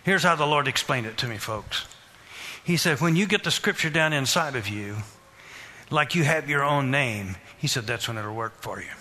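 A man preaching a sermon, questioning the congregation and repeating phrases in a steady rhythm. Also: medium pitch, moderate pace, slight background noise. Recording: reverberant hall.

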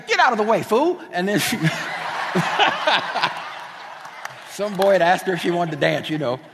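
A middle-aged man from New Jersey preaching a sermon, telling stories with lively, casual asides. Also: high-pitched, creaky, in a large hall. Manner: animated storytelling with casual asides.

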